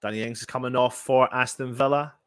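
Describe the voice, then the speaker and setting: A young man giving excitable, emotional fan play-by-play during a live match watchalong. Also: medium pitch, fairly quick, smooth, dry recording. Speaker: fan commentator.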